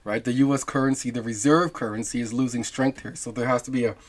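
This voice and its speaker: A man's voice: mid-range voice, fairly even intonation, quick pace. A man hosting a crypto channel, musing aloud over on-screen material with rhetorical questions and frequent fillers. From half Jamaican. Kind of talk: casual screen-share commentary.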